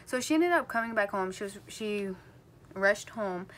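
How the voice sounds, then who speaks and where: A woman's voice: mid-range voice, expressive, normal speed, fairly bright tone, a little hiss or hum. A woman in her late teens from New Jersey, telling a personal story to her camera in a casual vlog, with lots of "like" and "um" and restarts. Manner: rambling, filler-heavy talk, full of "like" and "um". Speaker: vlogger.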